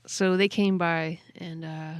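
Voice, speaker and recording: A woman hosting a podcast, telling a story in casual chat, excitable and quick to laugh. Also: lowish voice, dry recording, clean studio sound. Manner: excitable, laughs often, many "like" fillers. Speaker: podcast host.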